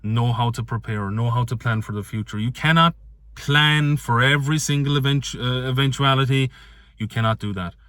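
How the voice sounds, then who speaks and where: A man giving an energetic motivational rant to camera as an online business vlogger, repeating his points for emphasis and swearing casually. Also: medium pitch, moderate pace, no room sound, studio quality.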